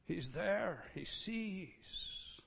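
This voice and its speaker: Emphatic male preacher delivering a sermon, slightly high voice, recorded with long reverb in a big hall. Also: expressive, very slow, vocal fry, husky. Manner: emphatic, swings between loud declarations and quiet asides. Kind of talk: expository sermon.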